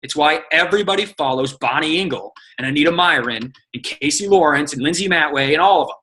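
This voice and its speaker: A man coaching his team in casual, energetic talk, telling stories, acting out quotes and swearing freely. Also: fairly high pitch, fast, low-quality recording. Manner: energetic, profane, storytelling with acted quotes. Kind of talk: casual motivational teaching.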